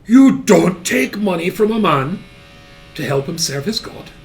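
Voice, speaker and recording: A man voicing a strict Welsh Methodist mother with a Welsh accent, shouting sharp commands. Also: sits high, expressive, unhurried, a little hiss or hum, pitched above the performer's own voice. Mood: stern.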